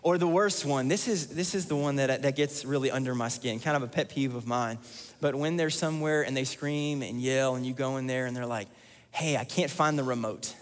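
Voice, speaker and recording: Guy preaching a sermon, earnest, says things twice, mid pitch, long echo from the church hall. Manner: earnest, repeats key lines for emphasis. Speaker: pastor. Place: church sanctuary.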